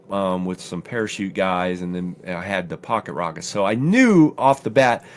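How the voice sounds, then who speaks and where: A middle-aged man co-hosting a studio talk show, telling a long story in a casual, animated way and jumping high in pitch when he quotes himself. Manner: animated storyteller, acts out his own quotes with rising pitch. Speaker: podcast co-host.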